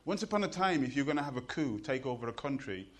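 A middle-aged man with a Birmingham Jamaican accent, telling jokes and stories and reciting poetry on stage in an animated, rhythmic way. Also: medium pitch, fast talker. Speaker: poet and performer. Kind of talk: live storytelling and poetry performance.

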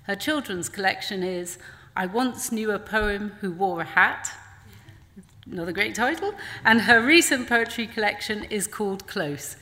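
A woman's voice: medium pitch, animated, a little slow. A woman, the festival director, introducing an event and its poets with many ums. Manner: warm, filler-heavy introducing. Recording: hall reverb with faint noise.

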